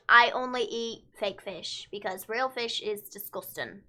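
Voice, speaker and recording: A woman's voice: medium pitch, unhurried, bright, forceful tone. A young woman co-hosting a casual live stream, blunt and emphatic, repeating her points. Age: young adult. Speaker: co-host.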